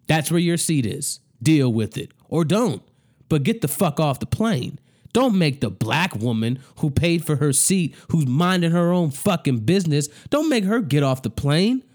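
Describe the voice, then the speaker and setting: A man's voice: fairly high pitch, very animated, unhurried, a little mellow. A man ranting angrily to camera, swearing heavily and repeating himself in exasperation. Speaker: vlogger. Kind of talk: profane rant to camera.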